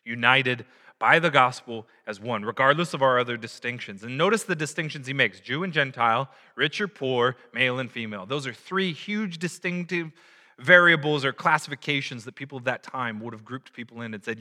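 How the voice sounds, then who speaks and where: Bright-voiced male preacher in an echoing hall. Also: mid-range voice, brisk. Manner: animated, building to loud emphatic peaks. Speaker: pastor. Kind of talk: sermon. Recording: echoey hall.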